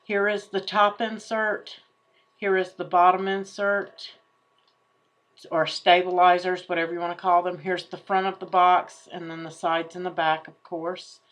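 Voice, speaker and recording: Lady doing a craft software walkthrough, kinda low voice, chatty, thinks out loud. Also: flat delivery, unhurried. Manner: chatty, thinking aloud while clicking. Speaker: crafting tutorial host. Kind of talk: screen-share craft tutorial.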